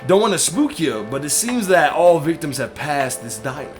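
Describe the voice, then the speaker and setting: A man voicing a grim male detective in a game, with a raspy put-on southern drawl. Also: a little high, big pitch swings, moderate pace, over music. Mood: ominous.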